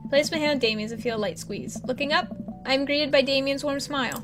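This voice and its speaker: Excitable high-voiced woman playing a game. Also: fast talker, noisy background. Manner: excitable, gushing, teary at the end. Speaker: let's player. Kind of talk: playing and reading a dating game aloud. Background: game music.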